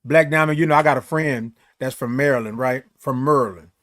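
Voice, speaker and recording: A man with a mid-range voice hosts a casual morning live stream, stretching out melodic good mornings to each viewer he names. His manner stays easygoing and supportive.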